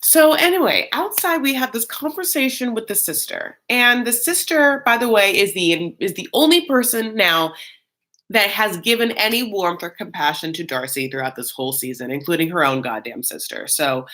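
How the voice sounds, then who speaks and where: A man's voice: high-pitched, normal speed. A man hosting a live reaction show, chatting casually and animatedly with lots of fillers and campy, self-mocking asides. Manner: chatty and animated, many fillers, bursts of mock voices.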